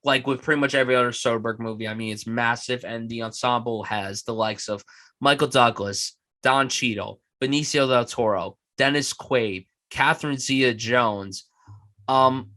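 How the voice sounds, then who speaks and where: Male podcast host, casual film chat, excitable and profane, average pitch, dry close sound. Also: a little slow, no echo. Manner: enthusiastic, profane, puts on mock voices.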